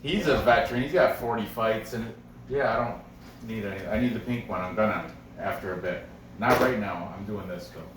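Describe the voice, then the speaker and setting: A man's voice: on the low side, normal speed. Chatty man rambling in a roomy space. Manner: chatty, self-correcting, laughs often. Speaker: sports betting picks host. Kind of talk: casual rambling commentary. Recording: roomy, from a distance, faint background noise.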